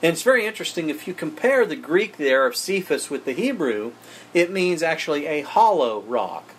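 A man's voice: fairly high pitch, sing-song, moderate pace, slight background noise. A man preaching a sermon, speaking emphatically and addressing his listeners as friends.

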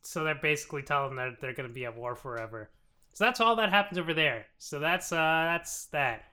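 A man's voice: a little high, fairly quick, pushed and bright. A man co-hosting a comedy podcast, recapping a TV series in a loose, rambling way and laughing often. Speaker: podcast co-host summarizing a TV series.

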